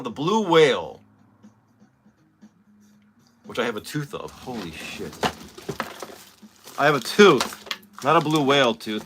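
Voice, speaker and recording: A man in his forties hosting a casual vlog. He talks in an excitable, rambling way and swears often. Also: mid-range voice, a little hiss or hum. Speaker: channel host.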